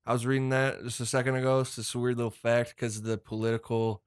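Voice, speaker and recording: A man's voice: mid-range voice, little pitch movement, quick pace, clear, resonant tone. A young man hosting a casual movie podcast, rambling and swearing freely as he talks. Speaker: podcast host.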